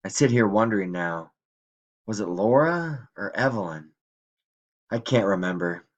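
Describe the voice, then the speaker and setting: A man's voice: on the low side, lively intonation, measured pace, highs cut off. A man reading as a dreamy, regretful old grandmother. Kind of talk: audiobook reading.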